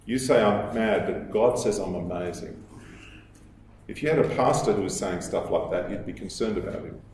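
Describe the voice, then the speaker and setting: A man giving a lecture in a measured, explanatory way, with fillers and restarts as he thinks aloud. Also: lowish voice, darkish tone, slight background noise. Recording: echoey hall, voice from a distance.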